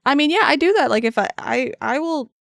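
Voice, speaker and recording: A woman's voice: high voice, lively intonation, brisk, gravelly, no echo, clean studio sound. A woman streaming as she sculpts and paints, chatting casually and answering her viewers. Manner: chatty and rambling, answering chat with frequent restarts. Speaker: craft streamer.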